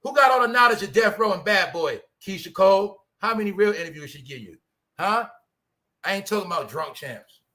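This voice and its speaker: Guy with ranting on his livestream, sharp bright voice, loud one sec and muttering the next, keeps asking y'all questions. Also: brisk. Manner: animated, swinging between loud outbursts and low mutters; rhetorical questions to the audience, repeats "y'all" and "huh". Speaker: commentary channel host. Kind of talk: casual livestream commentary.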